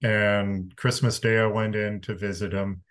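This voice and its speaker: Interview guest: low-voiced Canadian man, frank storyteller, casual swearing, calm to emphatic. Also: measured pace, smooth. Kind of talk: candid conversational storytelling.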